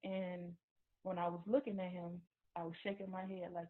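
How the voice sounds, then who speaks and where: A woman giving a personal testimony, talking haltingly with many restarts and repeated words. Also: on the low side, little pitch movement. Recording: tinny phone-like recording.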